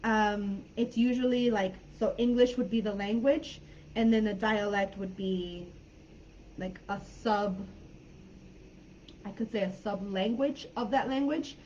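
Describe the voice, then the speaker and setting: A woman's voice: medium pitch, a little slow, darkish tone, highs cut off. Woman, American accent, online English teacher, patient, filler words, faint background noise. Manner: explaining patiently with many fillers. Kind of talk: live online class.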